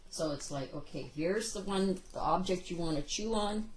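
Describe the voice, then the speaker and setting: A woman dog trainer explaining steps in a calm, patient way, recorded indoors at home. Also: on the low side, a little hiss or hum, poor audio. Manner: calm, patient, slow-spoken, praises the dog softly. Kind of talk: instructional video narration.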